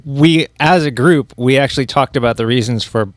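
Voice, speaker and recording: A man's voice: mid-range voice, normal speed, no echo. A man co-hosting a podcast in loose, rambling chat. He restarts his sentences often and pokes fun at himself. The sound is dry and close. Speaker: podcast co-host.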